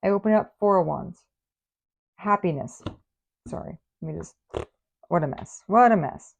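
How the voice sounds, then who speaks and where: Playful, gravelly-voiced woman tarot reader. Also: on the low side, normal speed, highs cut off. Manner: playful, chatty, teasing scolding. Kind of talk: casual tarot reading for viewers.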